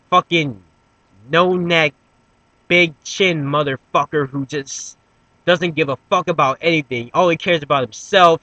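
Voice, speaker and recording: A man playing a furious, shouting anime hero. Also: a little high, no echo, low-quality recording. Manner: shouting, cursing rants. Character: hot-headed young male anime hero, furious and vengeful.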